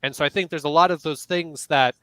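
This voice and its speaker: A man's voice: a little high, a little fast, fairly bright tone, no echo, poor audio. A man moderating a casual panel as a game master, explaining rules while thinking aloud.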